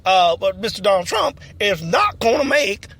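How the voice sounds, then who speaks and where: A man's voice: high-pitched, big pitch swings, moderate pace, creaky, fairly bright tone, husky, faint music behind, exaggerated voice. A man voicing a rambling, defensive male presidential candidate in a comedy parody, stammering and repeating himself.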